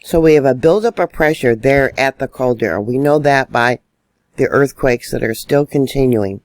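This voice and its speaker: A man's voice: mid-range voice, normal speed, no echo. A man giving solo online news commentary, indignant and emphatic as he stresses warnings.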